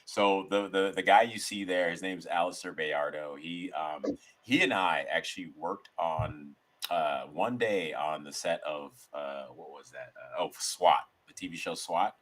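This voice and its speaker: Deep-voiced man telling rambling stories. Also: unhurried, a bit bright. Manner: rambling, storytelling with restarts. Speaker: guest, sketch comedian. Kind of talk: casual interview chat.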